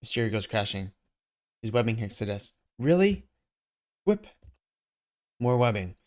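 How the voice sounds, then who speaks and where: A man's voice: fairly low pitch, level tone, brisk. A man casually narrating a comic aloud, describing the action panel by panel. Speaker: comic reader. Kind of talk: casual comic read-along.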